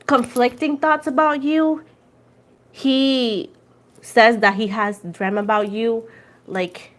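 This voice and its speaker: Puerto Rican woman in her twenties, fairly high voice, casual chatty tarot host, laughs often. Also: fairly bright tone. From Puerto Rico. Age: 20s. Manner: laughs often, switches between English and Spanish. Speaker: tarot reader livestream host. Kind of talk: casual livestream chat.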